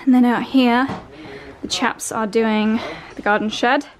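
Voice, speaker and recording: A woman's voice: on the high side, fairly even intonation, measured pace. A young woman chatting to camera in a lifestyle vlog, bubbly and out of breath from carrying boxes around a house. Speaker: lifestyle vlogger. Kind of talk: casual vlog chat to camera. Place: house during a move.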